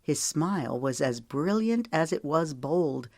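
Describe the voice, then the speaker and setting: Steady low-voiced woman narrating. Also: dry recording, studio quality. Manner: measured, steady storytelling. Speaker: audiobook narrator. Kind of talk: scripted narration.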